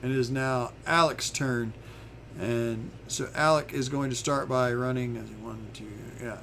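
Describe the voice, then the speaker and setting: A man narrating a tabletop game as game master, halting now and then with fillers as he describes the action. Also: medium pitch, slight background noise.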